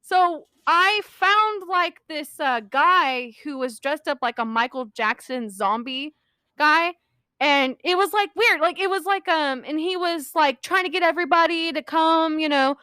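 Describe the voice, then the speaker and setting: A young woman chats on a podcast in a high, bright, sharp voice, rambling through a story and giggling mid-sentence. The sound is close and dry, with no room around it. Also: lively intonation, a little slow, dry recording. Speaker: podcast co-host. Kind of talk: casual storytelling chat.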